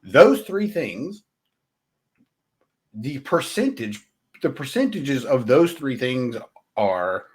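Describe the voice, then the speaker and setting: A man's voice: mid-range voice, very animated, slow, long pauses. A man hosting a podcast, giving blunt sales coaching in a conversational way and often checking in with "right?". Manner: talks straight to the listener, blunt. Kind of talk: solo motivational sales talk.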